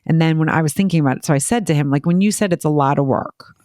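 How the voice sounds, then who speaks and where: A woman chatting casually as a parent on a podcast, telling quick, filler-heavy stories and acting out what people said. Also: sits low, darkish tone, no echo, clean studio sound. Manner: rapid, filler-heavy storytelling, acting out quoted voices. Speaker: parent guest.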